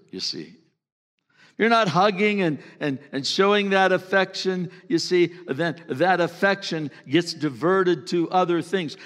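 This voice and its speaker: A pastor giving a sermon in a church, talking in an earnest, conversational way that sometimes drops to a hush. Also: male voice, a little high. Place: church sanctuary. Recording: long reverb of a church hall.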